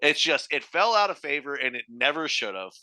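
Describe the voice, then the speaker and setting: A young adult man co-hosting a podcast in casual chat, animated and jokey, swearing freely. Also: on the high side, a little fast, no room sound. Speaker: podcast co-host.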